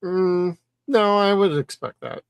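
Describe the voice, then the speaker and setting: Casting: laid-back male podcast co-host, a little higher-pitched, dry close sound. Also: slow pace, vocal fry, clear, resonant tone, no echo. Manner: easygoing, blunt opinions. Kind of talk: casual chat.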